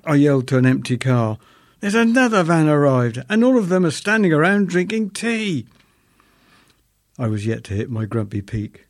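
A man's voice: medium pitch, creaky, warm tone, no room sound, studio quality. An older man reading his own humorous first-person story in a wry, self-mocking and grumbling manner.

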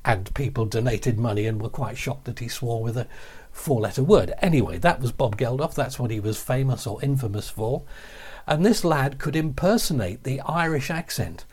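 Husky-voiced older man telling anecdotes. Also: mid-range voice. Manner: animated, voices other people in quotes. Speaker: radio storyteller. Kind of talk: anecdotal storytelling.

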